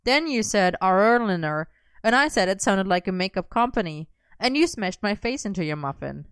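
A woman's voice: mid-range voice, animated, normal speed, a bit bright, smooth, dry recording, clean studio sound. A woman reading a story and voicing an earnest, somewhat awkward young man who rambles on.

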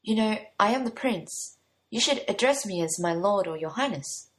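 A woman's voice: medium pitch, expressive, normal speed, lightly acted. A woman reading the part of a stern, haughty young prince who speaks in a commanding way. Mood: imperious. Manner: commanding, imperious.

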